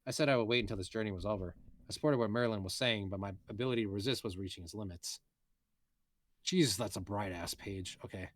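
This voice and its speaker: A man's voice: fairly low pitch, rapid-fire. A man, a voice actor, reading a light novel aloud in a casual way, with muttered asides and self-corrections.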